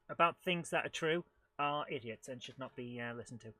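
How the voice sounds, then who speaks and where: A man's voice: on the high side, fast talker, no echo. A British man hosting a live retro gaming stream, chatting, mocking himself and beeping along as he plays. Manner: chatty, self-mocking, makes beeping car noises; excitable while playing. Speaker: host. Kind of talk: live retro gameplay commentary.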